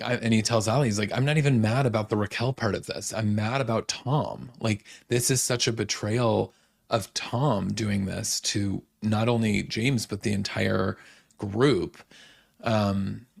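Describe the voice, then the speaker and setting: Chatty guy doing a podcast recap, lowish voice, lots of vocal fry. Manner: chatty, many fillers and quoted asides. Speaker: podcast host. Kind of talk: casual recap monologue.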